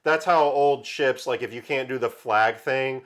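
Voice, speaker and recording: A man co-hosting a podcast, chatting casually about a film, animated and quoting movie lines in put-on voices with frequent laughter. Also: medium pitch, unhurried. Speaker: podcast co-host.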